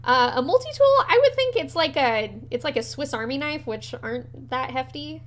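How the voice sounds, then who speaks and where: Animated woman running a tabletop game. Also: sits high, moderate pace. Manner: animated storytelling, swearing. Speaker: game master.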